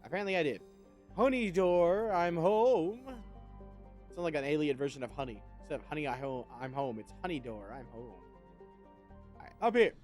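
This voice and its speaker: A man's voice: medium pitch, lively intonation, fast, soft background music. A man streaming a video game, chatting casually and wryly to viewers, swearing freely as he plays. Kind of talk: casual gameplay commentary.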